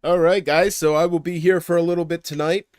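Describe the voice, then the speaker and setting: A man's voice: fairly high pitch, level tone, brisk, smooth, no echo, clean studio sound. Rambling, griping man on a stream. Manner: rambling, griping, trailing off mid-sentence; swings from loud complaints to muttered asides. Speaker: livestreamer. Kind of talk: casual livestream chat.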